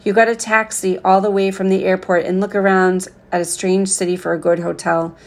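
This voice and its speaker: A woman voicing a worried father on the phone, speaking in a firm, measured, coaxing way as she reads a storybook aloud. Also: mid-range voice, little pitch movement, close to an everyday voice.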